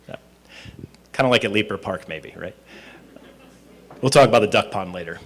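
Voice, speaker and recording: A man's voice: on the low side, moderate pace, pauses often, slightly rough. A man giving an informal closing speech at a student presentation, conversational with frequent fillers and restarts. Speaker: speaker at a student team presentation. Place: event hall at a university presentation.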